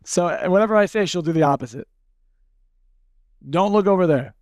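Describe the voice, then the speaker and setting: Blunt, slightly high-voiced man teaching a workshop. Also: brisk, no echo, clean studio sound. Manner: blunt, conversational, demonstrates with acted snippets. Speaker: seminar speaker. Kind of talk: live workshop demonstration.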